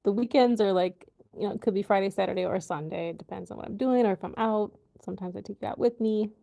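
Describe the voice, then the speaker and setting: A woman from the USA hosts a relaxed livestream from home and talks in a loose, rambling way full of ums and likes. Her voice is mellow and dark, with a gravelly fry underneath. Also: medium pitch, quick pace. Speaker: livestream host. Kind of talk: casual live chat with viewers.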